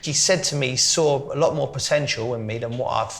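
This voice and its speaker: A man's voice: medium pitch, a little fast, a bit bright. A man in his forties with a London accent, a guest swapping stories in a casual chat and breaking into laughter often. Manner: laughing storyteller, mimics voices in quotes. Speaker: guest, former footballer.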